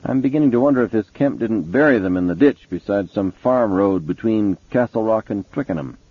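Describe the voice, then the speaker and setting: A swaggering police chief barks orders and boasts in a raised, raspy voice, as a man puts him on. His speech is blunt and profane. The sound is tinny and phone-like, with a dry, close feel. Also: on the low side, brisk, no echo, voice pushed up. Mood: gruff, cocky. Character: brash, profane middle-aged male police chief.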